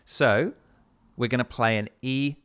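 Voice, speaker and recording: A man's voice: medium pitch, measured pace, fairly bright tone, clean tone. A man teaching guitar step by step, in a patient, explanatory way with frequent fillers. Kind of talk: step-by-step music lesson. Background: his own guitar playing between phrases.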